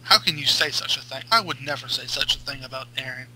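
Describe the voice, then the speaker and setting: A man co-hosting a podcast in casual chat, joking and rambling, rushing through his asides. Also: medium pitch, sharp tone, rough recording. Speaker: podcast co-host.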